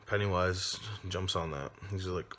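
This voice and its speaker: Low-voiced man rambling through a movie recap. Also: measured pace, pushed and bright, slight background noise. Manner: loose and rambling, many ums and restarts. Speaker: father; movie reviewer. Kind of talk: casual spoken movie recap.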